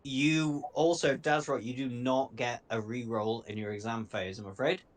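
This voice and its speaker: A man from northern England running a tabletop game as game master, easygoing and quick to laugh. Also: medium pitch, fairly even intonation.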